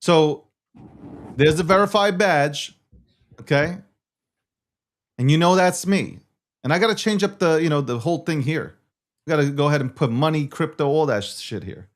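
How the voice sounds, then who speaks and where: A man's voice: on the high side, normal speed, long pauses. A man hosting a live crypto stream, talking in a brash, profane, boastful way. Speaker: show host.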